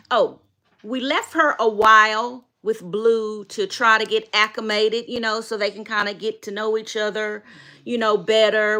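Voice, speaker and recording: A woman's voice: mid-range voice, pushed and bright. A middle-aged woman, emotionally retelling a story to her viewers in a repetitive, emphatic way. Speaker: dog owner vlogger.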